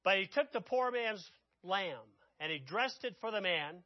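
A man preaching a sermon, telling the story dramatically and swinging from loud outbursts to hushed asides. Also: high voice, expressive, moderate pace, no echo, lo-fi sound.

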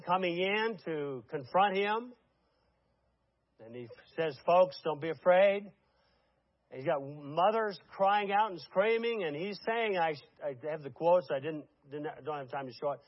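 An older male pastor with a high voice preaches to his congregation. He talks with plenty of fillers and restarts, then climbs to fervent, emphatic peaks. The recording sounds muffled and lo-fi. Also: no echo. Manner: impassioned, building to emphatic peaks, with frequent fillers. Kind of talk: sermon. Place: church congregation.

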